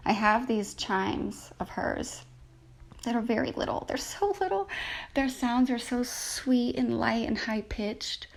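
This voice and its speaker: A woman's voice: fairly high pitch, creaky. A woman hosting a podcast, telling a personal story in a reflective, emotional way, with many fillers and restarts. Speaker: podcast host. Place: lives in a big city with a rooftop terrace.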